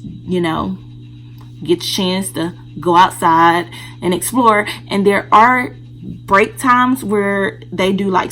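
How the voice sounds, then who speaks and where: A woman vlogging to camera, telling her own story in a frank, conversational way. Her voice sits at an ordinary middle pitch. She speaks directly to the people watching, with a faint hum behind her. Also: a bit bright, low-quality recording. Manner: candid, talks straight to viewers.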